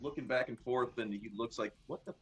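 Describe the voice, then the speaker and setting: A man's voice: medium pitch, steady tone, a little fast. A man narrating a tabletop game as game master, rambling with many fillers.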